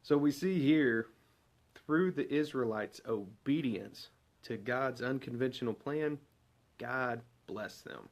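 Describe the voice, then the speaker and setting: A man's voice: medium pitch, slow pace. A man preaching a casual devotional sermon, talking conversationally and asking many rhetorical questions. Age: adult parent.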